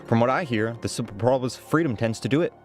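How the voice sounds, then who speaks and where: Hired spearman, Irish lilt, rough and plain-spoken, as a streamer reads him with stumbles; medium voice over quiet game music. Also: medium pitch, lightly acted. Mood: gossipy. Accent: put-on Irish. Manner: halting, stumbling over lines. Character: rough-spoken male soldier for hire.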